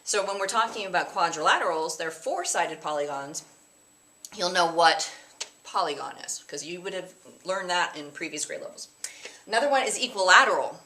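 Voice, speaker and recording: Female teacher, bright tone, a bit low-pitched, casual recorded lesson with catchy sing-song rhymes. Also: lively intonation, normal speed, a little hiss or hum. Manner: chatty, explains with sing-song mnemonics and playful put-on voices. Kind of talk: recorded math lesson for students.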